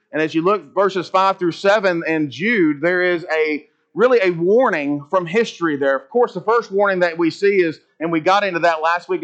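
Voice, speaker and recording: High-voiced man teaching a Bible lesson. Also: a bit bright, highs cut off. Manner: earnest teaching with rhetorical questions.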